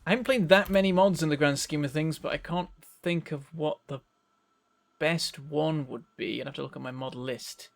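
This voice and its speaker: A man from northern England with a softened northern English accent, rambling and chatty as he streams a game. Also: on the high side, moderate pace, creaky. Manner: rambling, chatty, self-correcting. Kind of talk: casual live-stream game commentary.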